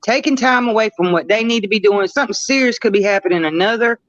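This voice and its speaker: A woman's voice: medium pitch, quick pace, no room sound. A woman co-hosting a live stream in casual, profane chat, blunt and mocking. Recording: dry lo-fi stream audio.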